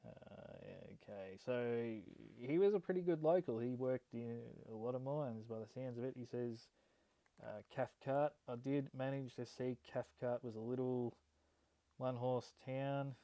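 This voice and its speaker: A man's voice: mid-range voice, unhurried, dark tone, no room sound, low-quality recording. An Australian man hosting a gold prospecting vlog, reading an old letter aloud in a casual, hesitant way with many ums and restarts.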